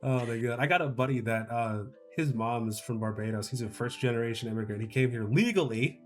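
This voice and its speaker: A man's voice: mid-range voice, brisk, soft background music. A man in casual chat who rambles, repeats himself and laughs often. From Chicago area.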